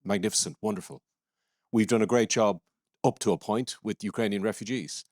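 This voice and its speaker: A man with an Irish accent, an academic in the audience, asking a forceful, impassioned question at a conference. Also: on the low side, a little fast, no room sound, studio quality. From Ireland. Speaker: audience member, university academic. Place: conference room.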